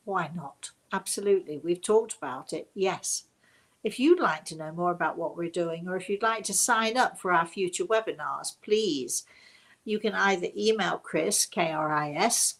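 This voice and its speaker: A woman's voice: lowish voice, creaky. An older woman talks straight to her online audience in a loose, chatty way. She wanders from thought to thought, restarts her sentences and keeps breaking into laughter as she goes. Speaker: host. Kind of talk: casual chat to a webinar audience.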